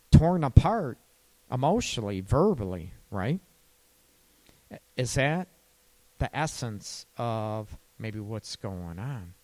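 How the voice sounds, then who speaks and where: Slow-talking male couples therapist. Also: medium pitch. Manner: slow, conversational, tags lines with "right?". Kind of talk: relationship advice talk.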